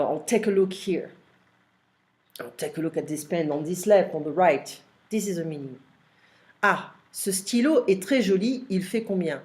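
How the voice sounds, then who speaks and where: A woman giving an online French lesson. She explains phrases step by step and repeats them with fillers. Her voice is mellow and relaxed. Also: lowish voice. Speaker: French teacher.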